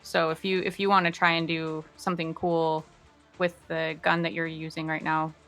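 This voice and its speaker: A woman playing a tabletop roleplaying game, easygoing and soft-spoken. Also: deep voice, little pitch movement, normal speed, vocal fry, soft background music. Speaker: player. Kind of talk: casual tabletop play.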